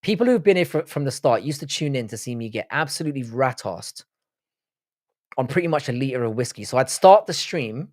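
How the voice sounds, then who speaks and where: A man's voice: medium pitch, expressive, a little fast, a little mellow, dry recording, clean studio sound. A man with a London accent hosting a live stream, chatting casually with viewers in loose, sweary banter. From Britain. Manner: loose, sweary banter, repeats words to show how he says them.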